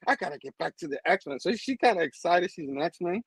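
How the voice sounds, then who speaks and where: A man's voice: high voice, animated, fairly quick, creaky, breathy edge, no echo, low-quality recording. A man hosting a comic book review show, casually recapping an issue in a rambling way, chuckling often and using lots of fillers.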